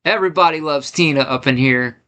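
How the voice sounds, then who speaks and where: A man's voice: on the high side, fairly quick, pushed and bright. A man hosting a live stream from his home studio, hyped and greeting chat viewers one by one. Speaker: livestream host.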